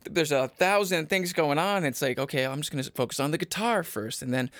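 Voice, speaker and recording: A man hosting a comedic podcast, giving mock-motivational advice in a profane, ranting way that jumps into sudden squeaky jabs. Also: fairly quick, fairly bright tone, no echo. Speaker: podcast host.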